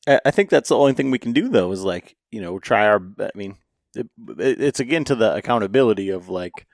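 A man co-hosting a podcast speaks haltingly, stumbling over repeated words. He has a fairly low voice with a dry, close sound. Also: lively intonation, no echo. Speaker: podcast co-host. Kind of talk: casual chat.

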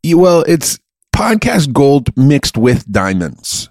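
A man's voice: fairly high pitch, very animated, takes it slowly, a little mellow, dry recording, studio quality. A man co-hosting a podcast in casual comedic chat, joking, swearing and laughing often. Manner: joking, profane, laughs a lot. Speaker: podcast co-host.

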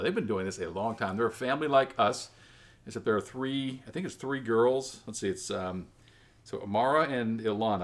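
A man hosting a family tabletop game podcast, chatting casually and rambling with many self-corrections. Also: fairly low pitch. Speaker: podcast host and game master. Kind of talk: casual chat.

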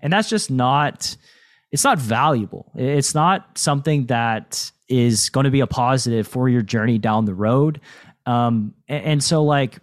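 In a casual podcast interview, the male host uses a mid-range voice and a slightly slow pace. He sounds reflective and coach-like, checking in often with "right?".

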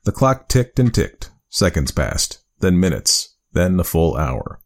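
A man narrating a spooky storybook tale with a measured, expressive reading. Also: deep voice.

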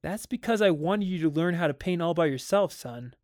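A man voicing an anxious, stern father in a dramatic audiobook reading, his exasperation rising into sharp outbursts. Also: fairly high pitch, expressive, fairly quick, no room sound, clean studio sound, pitched above the performer's own voice, natural voice.

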